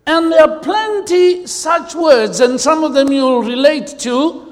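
A South African man preaching a sermon as pastor, telling humorous stories with drawn-out emphasis, in a church hall. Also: very high-pitched, lively intonation. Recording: long hall reverb.

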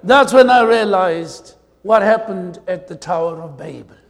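High-voiced South African pastor in echoing hall. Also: male voice. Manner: humorous storytelling with drawn-out emphasis. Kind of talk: preaching a sermon. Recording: long hall reverb.

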